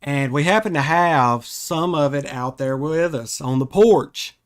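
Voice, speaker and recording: Slow-talking man telling a story. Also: fairly high pitch, clear, resonant tone. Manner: rambling, self-correcting, animated retelling. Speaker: podcast host. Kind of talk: casual storytelling.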